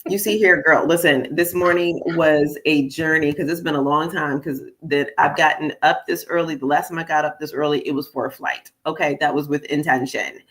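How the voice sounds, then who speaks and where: A woman's voice: low-pitched, fairly even intonation, normal speed, hardly any pauses, fairly bright tone. A middle-aged woman hosting her own podcast as a conflict coach, talking casually and animatedly to listeners, calling them "y'all". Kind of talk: casual morning podcast monologue. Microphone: studio podcast microphone.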